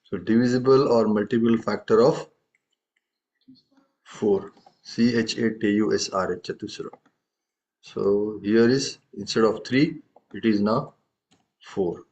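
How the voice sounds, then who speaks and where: A man's voice: on the low side, steady tone, a little slow, long pauses, a little mellow. A man teaching a tabla lesson, explaining patiently and often checking in with questions. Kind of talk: live music lesson. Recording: dull lo-fi audio.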